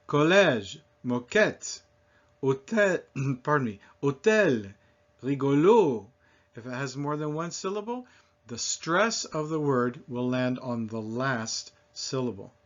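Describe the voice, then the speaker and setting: A man teaching French pronunciation, slowly modeling sounds for learners to repeat. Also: medium pitch, fairly bright tone. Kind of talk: pronunciation lesson. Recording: dull lo-fi recording.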